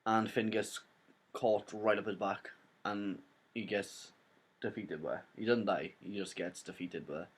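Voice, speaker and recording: A man's voice: fairly low pitch, steady tone, measured pace, husky. A young man with a Welsh accent casually retelling a film plot in a rambling spoiler review, full of "like" and "basically". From Wales.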